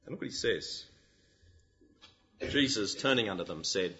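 Animated male preacher, muffled recording. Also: lowish voice, normal speed, long pauses. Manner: animated, full of rhetorical questions. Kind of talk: sermon.

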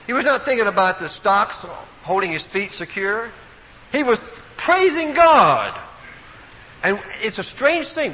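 A man's voice: high voice, fairly bright tone. A man preaching a sermon in an emphatic, storytelling way, recorded in a hall. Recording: echoey hall, faint room noise.

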